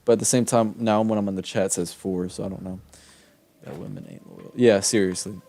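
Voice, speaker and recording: A man's voice: on the low side, steady tone, a little fast, vocal fry, mellow. A young man streaming a game, telling a long personal story in a casual, rambling way with many fillers and restarts. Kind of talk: casual storytelling while gaming.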